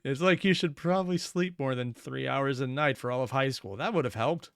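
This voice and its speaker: A woman's voice: a bass voice, brisk, no room sound. A woman hosting a reaction video, making self-deprecating jokes in casual commentary. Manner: self-deprecating, joking asides. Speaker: reaction host.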